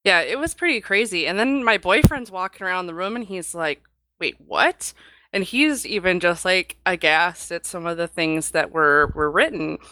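A woman co-hosting a casual podcast chat, her voice sitting a little low. She talks in a chatty, animated way. The sound is dry and close. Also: moderate pace, hardly any pauses, dry recording. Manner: animated, acts out quotes, chatty. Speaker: podcast co-host.

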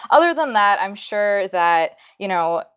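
A woman on a podcast panel, easygoing and joking, halting with fillers. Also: medium pitch, expressive, smooth, dull audio. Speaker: panel guest. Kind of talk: casual panel chat.

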